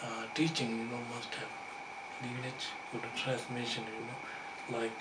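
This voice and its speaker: A man whose first language is Tibetan gives a dharma teaching in English in a halting way, full of fillers and chuckling asides. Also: medium pitch, level tone. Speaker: Buddhist teacher. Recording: echoey room, distant mic, background noise.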